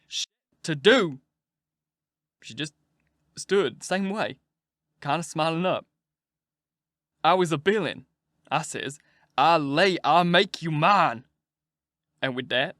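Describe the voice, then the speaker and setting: Narrator doing a heartbroken rural father, drawn-out dialect, slightly high, dry close sound. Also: a bit bright, no echo. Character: grieving adult man, a plain-spoken father.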